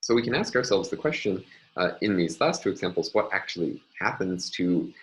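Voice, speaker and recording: A man lecturing on phonology in a measured, explanatory way, often pausing with filler sounds. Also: deep voice, expressive, fairly bright tone, low-quality recording. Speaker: linguistics lecturer. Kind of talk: recorded lecture.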